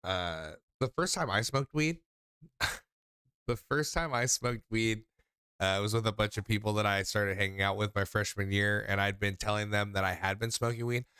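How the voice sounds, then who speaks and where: A young man runs a call-in show in a casual, rambling way, full of "like" and restarts. His voice is bright and crisp, recorded very dry and close. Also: on the low side, moderate pace, no room sound. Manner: loose, rambling storytelling with many fillers. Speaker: host taking calls.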